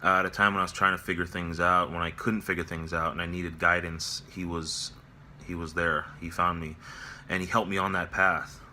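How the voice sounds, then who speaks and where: A man with a very low, bright-edged voice gives a somber personal vlog update, halting and reflective, full of fillers and restarts. He talks from his workplace, with faint noise behind him. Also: flat delivery. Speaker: vlogger. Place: at his workplace near closing time.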